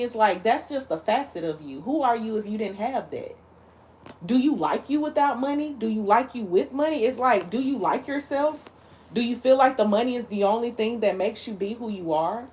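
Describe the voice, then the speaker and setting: A woman's voice: on the high side, lively intonation, moderate pace, darkish tone. A woman hosting a livestream, talking casually in a blunt, heated and emphatic way. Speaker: livestream host.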